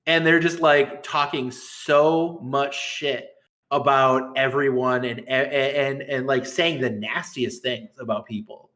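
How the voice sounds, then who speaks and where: A man's voice: medium pitch, fairly even intonation, slow pace, sharp tone. A middle-aged man, a guest tournament administrator, ranting in a heated, profane and sarcastic way on a podcast.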